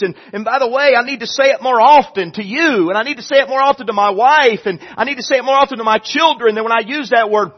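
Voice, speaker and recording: A male pastor preaching a sermon, swinging from loud pleading to hushed intensity and often repeating and restarting his phrases. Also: very high-pitched, animated, moderate pace, breathy edge, dull audio.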